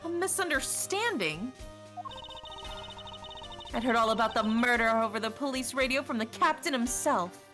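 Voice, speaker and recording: A woman's voice: on the high side, lively intonation, normal speed, pauses often, over music, voice pushed up, lightly acted. A woman voicing a haughty young female prosecutor while reading game dialogue aloud, with an imperious, scornful manner.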